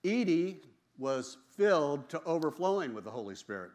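A man sharing a personal religious testimony in a casual, storytelling way, emphatic and quick to laugh, often repeating and restarting his phrases. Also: fairly high pitch, very animated, a little mellow.

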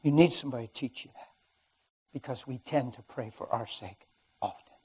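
A middle-aged man preaching, his voice husky and slightly breathy at a middling pitch. He tells his testimony dramatically, dropping to near-murmurs and then rising loud for emphasis. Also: brisk. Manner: dramatic storytelling, swings from quiet to loud. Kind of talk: sermon testimony.

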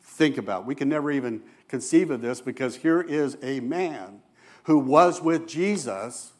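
Guy preaching a sermon, mid-pitched voice, earnest, goes soft and hushed on quotes. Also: animated, measured pace. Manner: earnest preaching, drops soft and low for Jesus's quoted words. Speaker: elder preaching.

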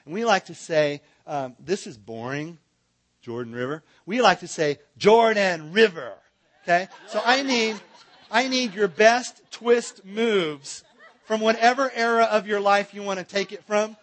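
A man's voice: sits high, measured pace, a bit bright. A man teaching a Bible seminar in a church, joking with and directing his audience.

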